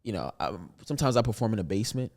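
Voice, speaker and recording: Young guy comedian chatting fast on a podcast, lowish voice, jokey storyteller. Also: very animated, vocal fry, darkish tone. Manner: storytelling, laughs often, playful. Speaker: comedian guest. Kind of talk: casual podcast interview.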